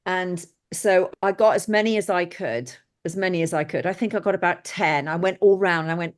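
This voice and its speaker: Brief: middle-aged woman guest, lively and blunt storyteller, lowish voice. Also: brisk, few pauses. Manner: lively anecdotal, blunt and exclamatory. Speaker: guest, film set decorator. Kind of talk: casual interview storytelling.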